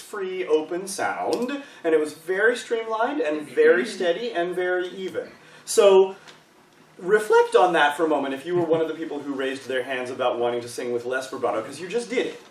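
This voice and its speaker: A man's slightly higher-pitched voice leads a choir workshop, patient and encouraging as he walks singers through exercises. He is heard from some distance in an echoey rehearsal room, with a faint hiss beneath. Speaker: choral workshop leader. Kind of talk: live choir workshop teaching.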